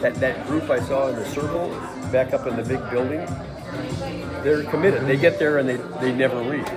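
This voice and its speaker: A man telling a casual, emotional story in a halting way, often repeating his words. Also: mid-range voice. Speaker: storyteller recounting a school visit. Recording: crowd chatter and music behind.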